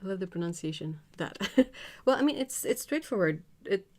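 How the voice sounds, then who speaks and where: A woman's voice: mid-range voice, lively intonation, normal speed, darkish tone. French Canadian woman, French native, casual painting-stream host, giggly and chatty. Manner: giggly, laughs often between sentences. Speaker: art livestream host. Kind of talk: casual livestream chat while painting.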